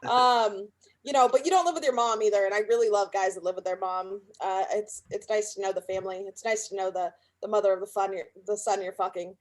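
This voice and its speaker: A woman's voice: mid-range voice, fairly even intonation, a little fast. A woman from California doing a brash, profane, self-mocking stand-up set. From Sacramento, California. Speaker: stand-up comedian.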